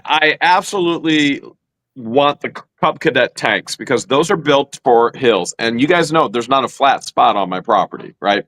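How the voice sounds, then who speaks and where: A man's voice: mid-range voice, a bit bright, no room sound, low-quality recording. A man co-hosting a casual chat, telling a long story and acting out his own quotes. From Ohio, USA. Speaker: co-host.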